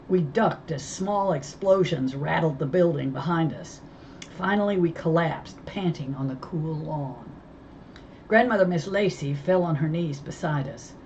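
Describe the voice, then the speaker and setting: A woman reading a novel aloud in a measured, unhurried way with small stumbles, in a dull lo-fi recording with faint hiss. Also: low voice. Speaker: reader.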